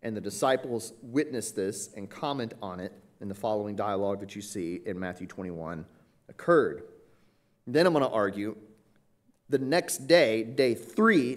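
A man preaching an expository Bible lesson in a conversational way, often pausing with "uh" and checking in with "right?". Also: medium pitch, animated. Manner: conversational, frequent "uh" and "right?" tag questions. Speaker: pastor.

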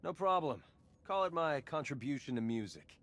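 An actor playing a wisecracking young male sidekick hero in a video game, talking quickly and sarcastically. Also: fairly high pitch, lively intonation, fairly bright tone.

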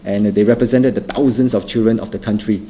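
A middle-aged man from Singapore, giving an earnest spoken testimony that repeats phrases for emphasis and restarts in halting bursts. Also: on the low side, steady tone, warm tone. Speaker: testimony speaker.

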